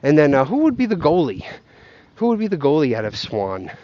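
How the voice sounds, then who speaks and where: A man's voice: fairly high pitch, wildly swooping pitch, fairly quick, no echo. A young man ranting casually outdoors, swearing often and rambling between half-formed thoughts. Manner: profane, rambling, self-doubting. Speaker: vlogger. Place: outdoors, near geese. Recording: muffled lo-fi recording.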